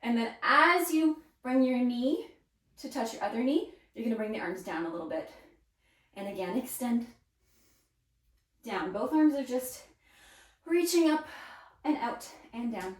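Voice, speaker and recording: A woman's voice: on the high side, very animated, measured pace, long pauses. A woman leading a follow-along ballet arm workout, counting beats and cueing moves in an encouraging, upbeat way. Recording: roomy sound, mic set at a distance.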